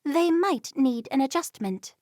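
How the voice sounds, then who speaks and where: A woman's voice: high-pitched, animated, measured pace, darkish tone, dry recording, clean studio sound, pitched above the performer's own voice. A woman voicing a firm, prying middle-aged Amish mother in a storybook reading. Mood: stern.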